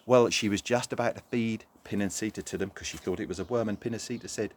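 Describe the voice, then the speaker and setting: A man telling a folk tale to children, animated and talking straight to the young listeners. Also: fairly low pitch, quick pace, hardly any pauses, slight background noise. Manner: animated, talks directly to children. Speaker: storyteller. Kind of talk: children's story narration.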